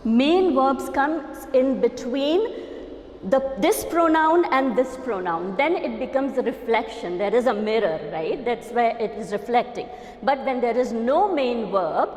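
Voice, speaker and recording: A woman's voice: a little high, a little mellow. A woman with an Indian English accent teaching a grammar lecture, explaining step by step and often checking with "okay?" and "right?". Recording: echoey, reverberant room.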